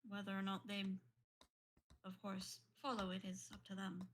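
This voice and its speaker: A woman player speaks in character, calm and polite. Her pace is measured. There is faint noise in the recording. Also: medium pitch. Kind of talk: in-character role-play.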